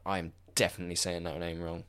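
A man's voice: deep voice, completely flat delivery, fast, a bit bright, clean tone. A man co-hosting a casual chat, tired and yawning, trailing off and restarting as he talks. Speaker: podcast co-host.

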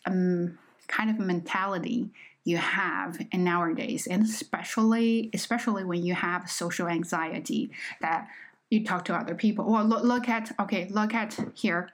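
A woman with a Chinese accent, a native Chinese speaker and English teacher, talking earnestly and reflectively to her listeners in a casual solo podcast. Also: medium pitch. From China.

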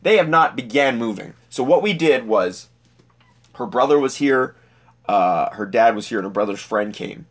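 A young man telling a personal story in a casual, profane, animated way. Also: mid-range voice, moderate pace. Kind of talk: personal anecdote monologue.

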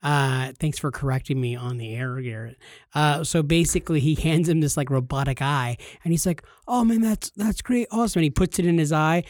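A man co-hosting a podcast in casual chat, excitable and laughing often, tripping over names. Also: on the high side, fairly quick, no room sound, studio quality. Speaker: podcast co-host.

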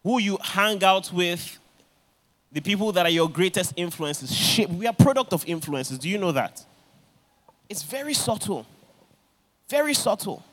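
At a moderate pace and in a high voice, a man delivers a sermon full of lively storytelling, taking on the voices of the people he describes.

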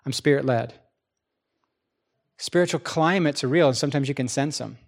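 Conversational male preacher, slightly high voice. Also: quick pace. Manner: conversational, asks the congregation questions, acts out quoted speech. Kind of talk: sermon.

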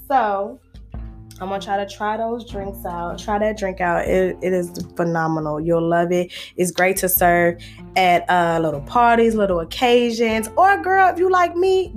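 Chatty woman with soft guitar behind. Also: medium pitch, measured pace. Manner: chatty, playful, preachy. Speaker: vlogger. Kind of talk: casual chat to camera.

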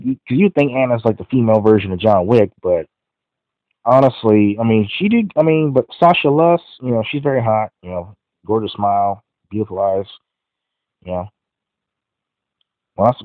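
Low-voiced man rambling through a movie review. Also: no room sound. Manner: rambling, heavy use of "you know". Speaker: podcast host. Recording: dry, phone-like audio.

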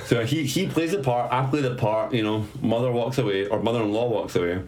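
A man's voice: medium pitch, fairly quick, a little mellow. A man telling a story in a casual chat, swearing, laughing and mocking himself. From Scotland.

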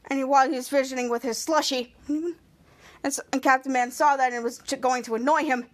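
A woman with a high voice hosts a podcast and recaps a TV episode scene by scene. She rambles, restarts her sentences and giggles as she goes. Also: fairly even intonation, a little fast. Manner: rambling, self-correcting, giggly. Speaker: podcast host.

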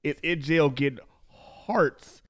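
A man's voice: on the high side, slow pace. A young man from Chicago trash-talking in casual podcast banter, boastful and heated, repeating himself.

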